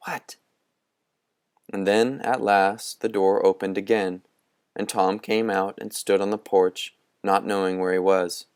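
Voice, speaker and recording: A man narrating a storybook with a low, deep voice. He reads slowly and with measure, his tone smooth and clear throughout. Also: a little mellow, no echo, studio quality. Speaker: audiobook reader. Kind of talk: scripted narration.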